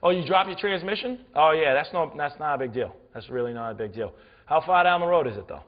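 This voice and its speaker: A man voicing an excited, reckless male mechanic with a New England accent, in a dull lo-fi recording. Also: on the high side, fast, voice pushed up, close to an everyday voice. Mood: breezy. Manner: loud, eager, breezy.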